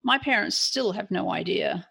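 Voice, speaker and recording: Woman, English accent, interview guest; gravelly husky timbre, earnest and frank. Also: medium pitch, animated, moderate pace, a bit bright. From England. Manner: earnest, frank, with frequent restarts. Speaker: podcast guest. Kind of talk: personal storytelling in an interview.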